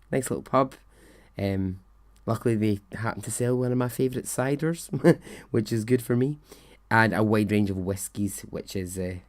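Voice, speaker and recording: A man's voice: lowish voice, a little mellow. A man, hosting a podcast and telling a personal story in a chatty, rambling way with self-deprecating asides. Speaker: podcast host. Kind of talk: storytelling monologue.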